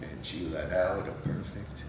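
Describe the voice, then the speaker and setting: Older male storyteller, 60s, lively rhyming read-aloud, unhurried; echoey hall, mic far off. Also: low voice, slight background noise. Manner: rhythmic, lively rhyming delivery. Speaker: author reading his picture book. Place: conference hall. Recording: roomy hall, mic at a distance.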